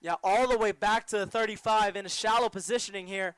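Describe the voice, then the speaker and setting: Teen guy doing play-by-play, high voice, smooth and clear, dry sound. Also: fairly even intonation, a bit bright, no echo. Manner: rapid play-by-play calls, rising when the action picks up. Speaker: play-by-play commentator. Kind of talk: student sports broadcast commentary.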